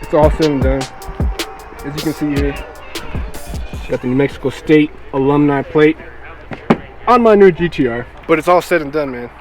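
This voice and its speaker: A man from Arizona vlogging a road trip in a casual, excited way, talking to his viewers from outdoors and from a car. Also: a little high, normal speed, long pauses, over music. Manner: excited and upbeat, addressing viewers as guys. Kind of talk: casual vlog commentary.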